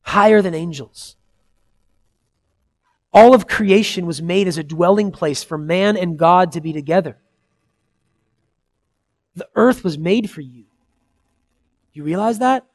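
A man in his thirties preaching a sermon, earnest and conversational, swinging between loud emphasis and soft, quiet asides. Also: sits high, measured pace, long pauses. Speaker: pastor.

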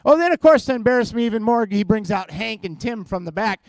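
Self-mocking middle-aged preacher, dry sound. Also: male voice, high-pitched, animated, no echo. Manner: self-deprecating, halting restarts. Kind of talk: comedic sermon storytelling.

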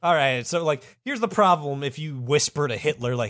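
A man's voice: fairly high pitch, animated, a little slow, a bit bright, no echo, studio quality. A man co-hosting a comedic history podcast, swearing, joking and slipping into silly voices. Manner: profane, jokey, slips into silly voices. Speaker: podcast co-host. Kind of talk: casual comedic history chat.

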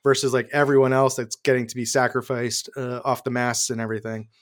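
A man's voice: medium pitch, little pitch movement, fairly quick. A man co-hosting a casual movie podcast, laid-back and joking.

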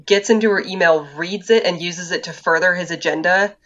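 A woman co-hosting a podcast, chatting in a relaxed way and filling gaps with "like" and "uh.". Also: fairly low pitch, a little fast. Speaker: podcast co-host. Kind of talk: casual chat. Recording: dull lo-fi mic.

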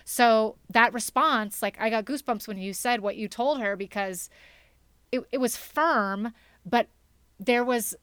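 Bright, smooth-voiced woman co-host. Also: fairly high pitch, measured pace, no room sound. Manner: candid and reflective, thinking aloud. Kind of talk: casual podcast chat.

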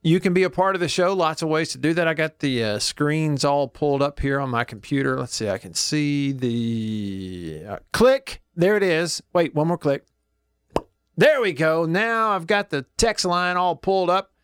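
A middle-aged man hosts a talk radio show from the studio, chatting in a loose, folksy way and narrating what he is doing as he goes. His voice sits a little high for a man. The sound is close and dry, with no room echo. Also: normal speed, a bit bright, clear, resonant tone. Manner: folksy and chatty, thinks aloud while clicking around. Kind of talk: casual talk radio chat. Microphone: studio microphone.

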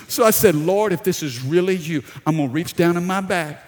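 A middle-aged pastor from South Louisiana with a Louisiana accent, preaching a sermon with animated storytelling, acting out the voices in his story and calling out to the congregation. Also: sits high, fairly quick, vocal fry, few pauses, slight background noise. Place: church hall. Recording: long hall reverb.

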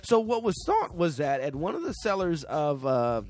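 A man's voice: a little high, wildly swooping pitch, moderate pace, a little mellow. Rambling man with many fillers. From United States. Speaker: podcast co-host. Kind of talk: casual chat.

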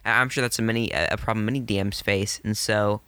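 A man's voice: lowish voice, steady tone, fast, pushed and bright, clean tone, no room sound. A man co-hosting a casual chat, modest and agreeable. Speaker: podcast co-host, game master.

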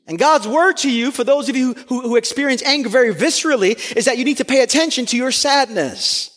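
High-voiced man preaching in echoing hall. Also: fast. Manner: earnest and emphatic, rising to near-shouts on key points. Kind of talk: sermon. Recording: long hall reverb.

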